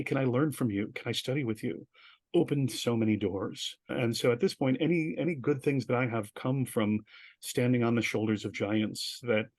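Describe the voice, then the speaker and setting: Fast-talking animated man. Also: mid-range voice, no echo. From United States. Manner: animated, acts out quoted dialogue in bursts, self-deprecating. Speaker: guest, professor and theater artist. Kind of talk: conversational storytelling in an interview.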